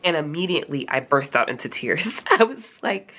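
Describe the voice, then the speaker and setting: A young woman telling a casual storytime, acting out her own reactions in a high, animated voice. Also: fairly quick, slightly rough. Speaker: vlogger.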